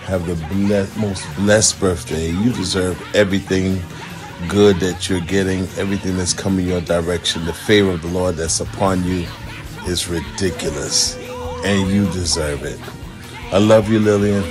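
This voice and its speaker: A man's voice: low voice, steady tone, moderate pace. A man who is a bishop, recording an affectionate birthday message, laughing often as he speaks. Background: music.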